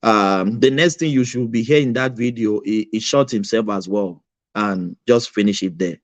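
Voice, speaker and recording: A man's voice: fairly low pitch, normal speed, no room sound. Hesitant man, dry dull mic. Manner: hesitant, many fillers and restarts. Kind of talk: casual commentary.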